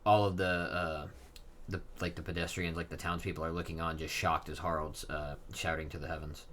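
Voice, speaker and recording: A man's voice: rumbling low, level tone, fairly quick, a bit bright. Casual male manga reaction vlogger. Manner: casual and chatty, with fillers like "uh" and "like". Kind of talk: reading a comic aloud with casual commentary.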